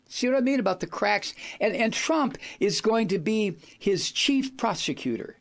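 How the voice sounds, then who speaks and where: A man's voice: sits high, expressive, normal speed, hardly any pauses. A man hosting a political talk radio show, ranting in an angry, insulting, theatrical way.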